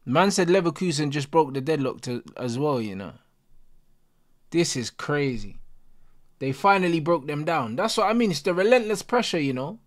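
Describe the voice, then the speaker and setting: A young man, reacting live to a football match as a streamer, excitable and full of slang. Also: a little high, normal speed. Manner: excitable, slangy, repeating exclamations. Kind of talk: live watch-along reaction.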